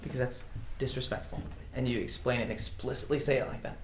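A man's voice: medium pitch, fairly even intonation, fast talker. A man teaching a casual class, reading example phrases aloud and chuckling often. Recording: echoey room with faint noise.

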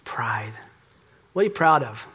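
A middle-aged man preaching a sermon as pastor, lively and joking, acting out little exchanges. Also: mid-range voice, measured pace, slightly rough. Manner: lively, joking, acts out dialogue.

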